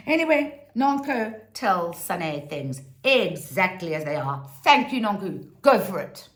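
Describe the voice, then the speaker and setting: A woman's voice: on the low side, sing-song, a little slow, hardly any pauses, fairly bright tone, reverberant. A woman giving a casual, sarcastic and theatrical review of a reality TV show.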